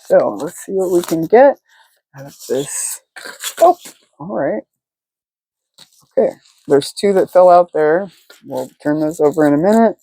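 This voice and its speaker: A woman's voice: on the low side, lively intonation, unhurried, long pauses, warm tone, poor audio. Chatty woman giving a rambling tarot reading. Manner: rambling, filler-heavy, chatty. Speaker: tarot reader. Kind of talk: casual tarot reading chat. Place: at home.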